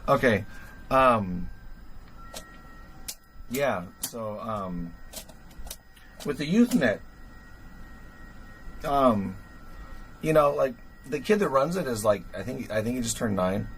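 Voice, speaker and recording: A man's voice: mid-range voice, expressive, takes it slowly, long pauses, a bit bright, slight background noise, rough recording. A man hosting a livestream, thinking aloud with lots of fillers while he tinkers with gear. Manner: thinks aloud with many fillers, chuckles at himself. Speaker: livestream host. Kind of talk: rambling casual livestream chat.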